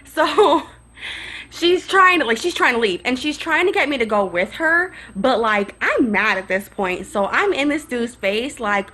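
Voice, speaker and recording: A young woman telling a storytime vlog in a sassy, animated way, acting out the people in her story. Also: high-pitched, a little slow. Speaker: vlogger.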